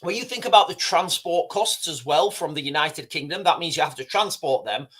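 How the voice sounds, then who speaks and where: High-voiced man rambling on stream. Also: expressive, a little fast, fairly bright tone, breathy edge. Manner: rambling, repeats himself, talks to chat. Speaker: livestream host. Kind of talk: casual livestream commentary.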